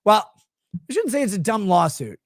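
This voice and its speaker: A man's voice: high-pitched, big pitch swings, normal speed, no room sound, studio quality. A man hosting a livestream, ranting in a rambling, sarcastic and profane way into a desk microphone. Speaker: show host. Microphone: streaming desk microphone.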